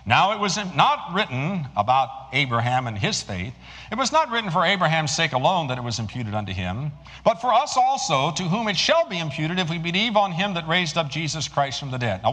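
Male preacher, lively pitch, shifts from emphatic to hushed storytelling. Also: normal speed, in a large hall. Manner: rises emphatically then drops to hushed storytelling. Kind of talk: sermon with storytelling.

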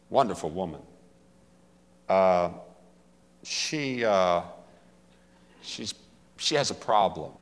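A preacher doing a timid, halting praying man. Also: lowish voice, creaky, pitched below the performer's own voice, exaggerated voice. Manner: halting, soft, full of fillers. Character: hesitant male fisherman praying timidly. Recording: long hall reverb.

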